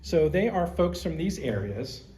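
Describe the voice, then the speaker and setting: A man's voice: fairly high pitch, very animated, measured pace, warm tone. Man lecturing in an echoey hall. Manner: conversational, explanatory, with personal asides. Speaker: museum curator giving a history talk. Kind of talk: public history lecture with slides.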